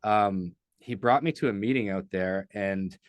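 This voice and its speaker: Low, smooth-voiced man telling a story. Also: unhurried, dry recording. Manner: earnest, rambling storyteller with many fillers. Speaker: podcast guest. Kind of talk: casual storytelling in a podcast interview.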